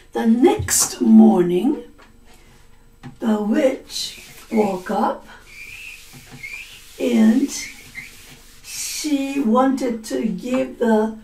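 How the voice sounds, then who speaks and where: Slow, mellow woman teacher telling a story. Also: on the high side, far from the mic, slight background noise. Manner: slow and deliberate, explains words, acts out voices in quotes. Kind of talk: slow story-listening lesson. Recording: echoey room, voice a little off mic.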